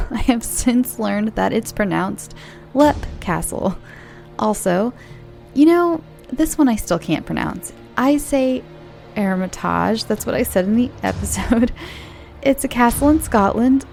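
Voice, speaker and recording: A woman with an American accent tells creepy stories in a soft, friendly manner, now and then sinking to a whisper. Her voice is mellow and gently gravelly. Faint music plays behind her. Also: a little high. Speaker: host and storyteller. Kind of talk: calm horror story narration.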